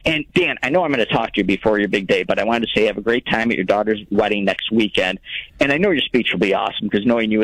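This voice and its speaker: Gravelly low-voiced male caller. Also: a bit bright, no echo, poor audio. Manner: chatty, earnest. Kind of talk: phone-in call.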